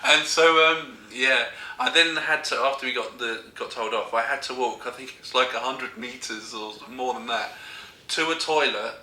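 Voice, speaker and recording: Guy, comic storyteller, keeps cracking up, very bright voice, echoey room. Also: medium pitch, moderate pace, hardly any pauses, a little hiss or hum. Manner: giggly, keeps breaking into laughter.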